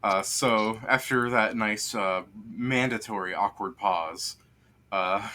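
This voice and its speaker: A man's voice: lowish voice, slow pace, pushed and bright. Hesitant man running a tabletop game. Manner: rambling, hesitant, many fillers. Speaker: game master. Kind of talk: casual narration of a tabletop game.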